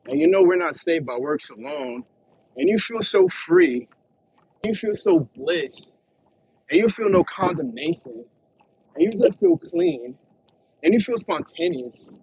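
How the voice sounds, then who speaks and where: A man with an East Coast American accent riffs in a playful, joking monologue. His voice sits a little high and swings widely up and down, with a gravelly fry running under it. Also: darkish tone, slight background noise, low-quality recording. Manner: playful, joking, laughs often. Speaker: comedic vlogger. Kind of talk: casual comedic monologue.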